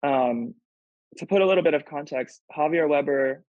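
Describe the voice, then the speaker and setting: At normal speed and on the high side in pitch, a professional volleyball player speaks as a podcast guest in casual, earnest, emotional conversation, often using "like". The recording is dry with a dull, lo-fi sound.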